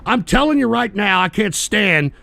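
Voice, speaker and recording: An American man hosting a live political show, ranting with heavy profanity, erupting into shouts and reading viewer chat aloud. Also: high-pitched, animated, moderate pace, vocal fry. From United States. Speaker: host.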